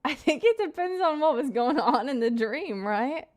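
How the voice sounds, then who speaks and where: A woman's voice: high voice, expressive, normal speed. A young woman in her twenties chatting casually on a live stream, greeting viewers by name and rambling through stories.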